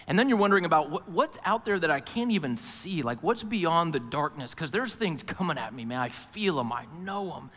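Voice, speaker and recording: A man preaching in a sermon voice a little higher than most men's. He tells his story in an animated way and acts out the other voices in it. His words ring with the long reverb of a big church hall. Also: brisk, few pauses. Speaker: pastor.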